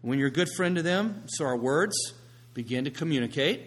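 A man preaching a sermon, swinging from hushed, quiet passages to loud, emphatic ones. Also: fairly high pitch, expressive, brisk. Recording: long reverb of a large hall.

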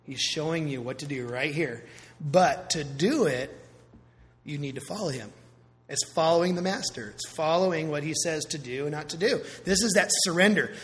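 Pastor, male, lively conversational sermon delivery; voice a touch high, church-hall reverb. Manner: conversational, animated preaching with asides.

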